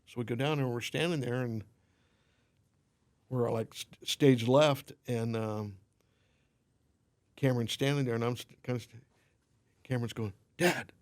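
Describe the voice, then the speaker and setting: Guesting on a podcast, a limo company owner tells casual anecdotes in an animated, easygoing way, voicing the people in his stories. His pitch is an ordinary middle range, and he speaks at a measured pace with long pauses.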